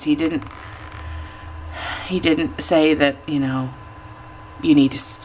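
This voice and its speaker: A woman's voice: low-pitched, slight background noise. A woman talks to her camera at home, chatty and emotional, tearful and laughing at herself. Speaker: weight-loss vlogger. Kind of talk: casual chat to camera.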